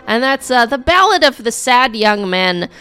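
A woman's voice: a little high, very animated, normal speed, pushed and bright, clean tone. Scratchy-voiced woman hosting a music show. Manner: rambling, chatty asides, many fillers. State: coughing, scratchy voice. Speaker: radio show host. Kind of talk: casual back-announcing of songs.

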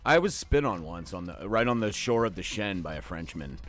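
Rambling low-voiced man DJ. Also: big pitch swings, moderate pace, fairly bright tone, faint music behind. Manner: rambling, enthusiastic, frequent fillers. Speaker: radio DJ. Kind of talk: casual radio show back-announce.

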